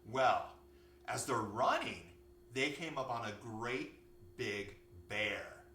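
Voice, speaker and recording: A man, a yoga teacher, telling an animated story for children. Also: medium pitch. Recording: echoey room, far from mic, faint hum.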